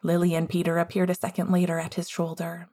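Calm woman reading a story. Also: lowish voice, fast. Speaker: audiobook reader. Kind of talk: storybook narration.

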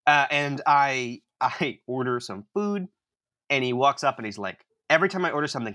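A man co-hosting a podcast, telling a comic story in an animated, self-mocking way. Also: mid-range voice, normal speed. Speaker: podcast co-host.

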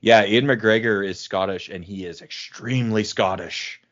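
A man in casual movie chat, rambling and pausing with fillers as he recalls names. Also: lowish voice. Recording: dull lo-fi sound.

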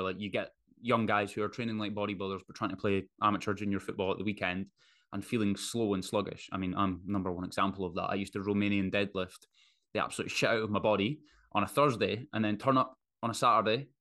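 A man's voice: lowish voice, a bit bright. A man hosting a solo podcast, talking bluntly and casually with plenty of swearing. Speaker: podcast host.

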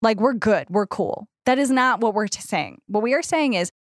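A woman's voice: a little high, lively intonation, normal speed, dry recording, studio quality. A woman co-hosting an advice podcast, rambling through jokey metaphors and swearing freely in casual chat. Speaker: podcast co-host.

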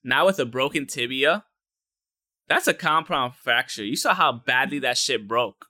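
Bright, crisp-sounding casual man. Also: mid-range voice, animated, unhurried, dry recording, studio quality. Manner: loose, profane, rambling with many fillers. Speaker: podcast co-host. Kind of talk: casual sports chat.

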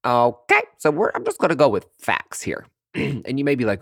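A man's voice: mid-range voice, wildly swooping pitch, normal speed, gravelly, no echo, studio quality. Sassy campy male podcast host. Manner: sassy, campy, swooping emphasis. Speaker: podcast host and aesthetic provider. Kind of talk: casual monologue.

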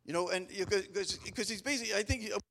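A man's voice: high voice, rapid-fire, creaky, a bit bright. A middle-aged man preaching a casual sermon, telling folksy, humorous stories in a rambling, stop-start way full of restarts. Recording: long reverb of a large hall.

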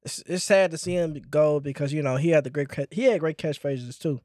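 A man's voice: a little high, a little fast, a little mellow, no room sound, clean studio sound. A man co-hosting a sports podcast, laid-back and playful in casual chat. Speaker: podcast co-host.

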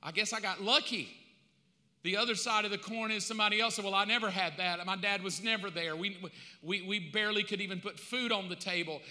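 A man preaching a sermon as pastor, emphatic and conversational, swinging from loud to hushed. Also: high voice, fairly quick. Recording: long hall reverb.

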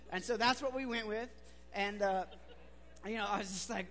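A man's voice: extremely high pitch, fairly even intonation, moderate pace, a bit bright. A man preaching a sermon, telling a story in a chatty, joking way with many fillers. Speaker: pastor. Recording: reverberant hall, faint hum.

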